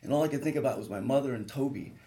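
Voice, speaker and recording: A surgeon speaks as a guest on a radio talk show, his medium-pitched, dark-toned voice racing as he recounts his own grave injury. He tells it earnestly and vividly, his intensity climbing at the peak moments.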